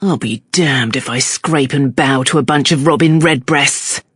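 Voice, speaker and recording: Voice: mid-range voice, a little slow, fairly bright tone, husky, dry recording, clean studio sound. A narrator voicing a surly young male criminal in an audiobook, muttering and sneering. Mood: sullen.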